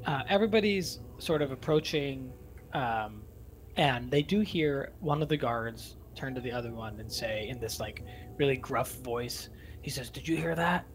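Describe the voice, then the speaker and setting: A man in the game master's seat, talking players through rolls and rules. His voice sits at an ordinary middle pitch, and he hesitates with plenty of fillers. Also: normal speed, rough recording. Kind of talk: narrating a tabletop game over voice chat.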